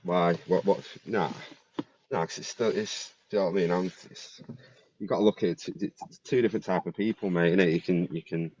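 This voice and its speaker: A man's voice: sits low, fairly even intonation, fairly quick, darkish tone. A man hosting a casual podcast chat, full of slang, stammered restarts and "mate". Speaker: podcast host. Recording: dull lo-fi dry sound.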